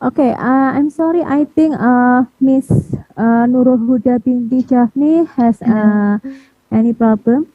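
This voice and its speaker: A woman's voice: on the high side, a little slow, no echo. A woman moderating an online conference session, hesitant and politely apologetic, with many "uh" fillers. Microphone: video call. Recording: tinny, phone-like video call audio.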